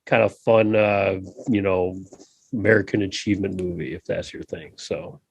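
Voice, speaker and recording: A man co-hosting a podcast, telling stories in a casual, animated way, with many fillers and repeated words. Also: low-pitched, normal speed, vocal fry, slight background noise. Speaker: podcast co-host. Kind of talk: casual chat.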